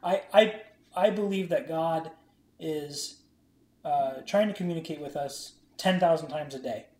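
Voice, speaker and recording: A man co-hosting a podcast, talking in an easygoing, soft-spoken way. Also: fairly high pitch, measured pace. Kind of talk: casual chat. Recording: echoey room.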